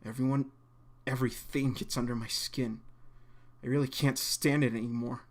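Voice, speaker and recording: A man's voice: mid-range voice, lightly acted. A man reading as a weary withdrawn teenage boy. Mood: weary subdued. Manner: slow, flat, subdued.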